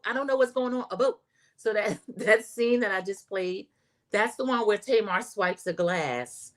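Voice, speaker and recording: Speaking in a slightly high voice, a woman runs a laid-back livestream going over a reality show, calling her audience "y'all" and reading chat messages aloud.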